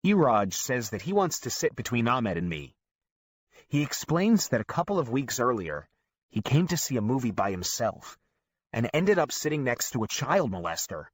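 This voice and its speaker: A man narrating an audiobook in a lively storytelling manner. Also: medium pitch, no echo. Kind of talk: scripted narration.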